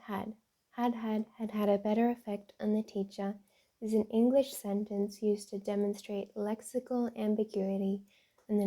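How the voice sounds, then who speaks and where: A woman doing a soft-spoken ASMR reading, carefully reading word puzzles and tongue twisters aloud, repeating the tricky lines. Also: medium pitch. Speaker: ASMR creator.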